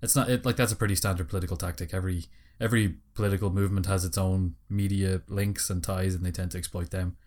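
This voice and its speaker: This is a man from Ireland co-hosting a casual podcast, and his voice sits on the lower side. He jokes freely and laughs often as he chats. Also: fairly even intonation, a little mellow. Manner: laughs often, quick to joke. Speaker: podcast co-host. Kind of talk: casual chat.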